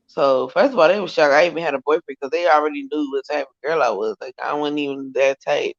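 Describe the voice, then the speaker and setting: A woman's voice: deep voice, fast, hardly any pauses, no room sound. A young woman co-hosting a casual storytime chat, rambling in slang and often correcting herself. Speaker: co-host. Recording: dull lo-fi dry sound.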